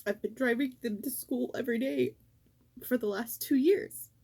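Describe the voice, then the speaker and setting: A middle-aged woman in a casual vlog, talking in a halting, emotional way and fighting back tears. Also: fairly high pitch, warm tone, husky. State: tearful. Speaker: vlogger.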